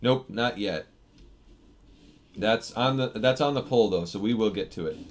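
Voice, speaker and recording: A man's voice: fairly low pitch, measured pace, a little hiss or hum. An American man casually chatting on a live stream, answering viewer comments into a desk mic with loose restarts. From United States. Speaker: software developer streaming live. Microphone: desk microphone.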